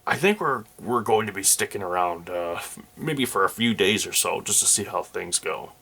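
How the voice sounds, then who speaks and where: A man voicing a plain-spoken male adventurer in a tabletop game, with a hesitant, halting delivery. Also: fairly low pitch, expressive, vocal fry, pushed and bright, husky, full character voice.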